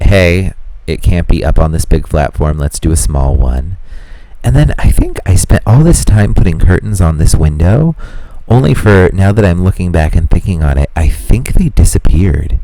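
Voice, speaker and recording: A man's voice: extremely low pitch, dark tone, dry recording. A man narrating a video voiceover in a casual, rambling way, with lots of fillers as he talks through what he did. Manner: rambling, chatty, many "like" fillers. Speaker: Sims house builder narrating a build.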